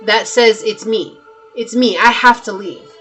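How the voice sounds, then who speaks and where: A woman's voice: mid-range voice, unhurried. Woman, tarot reader, emphatic, repetitive, addresses viewers, faint background music. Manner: emphatic, repeats herself, talks straight to viewers. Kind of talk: pick-a-card tarot reading.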